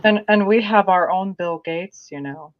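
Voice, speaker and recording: A woman from Arizona, a guest in a casual political chat, talking in an animated, exasperated way. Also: on the low side, unhurried, a little hiss or hum. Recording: dull lo-fi sound.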